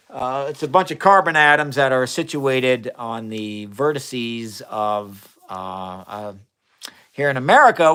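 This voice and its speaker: Speaking in a medium-pitched, fairly bright, clear and resonant voice, a Midwestern-accented man runs a relaxed science live stream from his indoor home chemistry lab. Rambling in a friendly way, he responds to chat comments while talking into a phone camera he flips around mid-stream.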